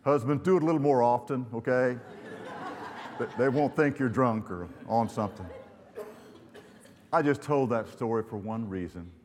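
A man's voice: mid-range voice, normal speed, pauses often, a little mellow. Older preacher man in a reverberant church. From Louisiana. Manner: folksy storytelling with humor. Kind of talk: sermon. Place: church sanctuary. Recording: long hall reverb.

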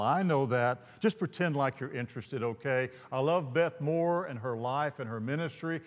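A male pastor telling a story from the pulpit, animated and rambling, often restarting his sentences. His voice sits a little high for a man, and the long reverb of a large hall trails after each phrase. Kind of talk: sermon storytelling.

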